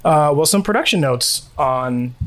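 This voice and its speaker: A man co-hosting a podcast in loose, rambling conversation. His pitch rises and falls a lot as he talks, and he leans on fillers and little laughs. He sounds like he is recording at home. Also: lively intonation, unhurried, a bit bright. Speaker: podcast co-host. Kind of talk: casual chat. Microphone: home recording setup.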